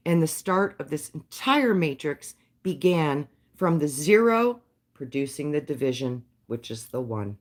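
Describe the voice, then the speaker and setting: A woman hosting a livestream, talking to her viewers in a heartfelt, spiritual way. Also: sits low. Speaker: livestream host. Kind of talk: casual livestream chat with viewers.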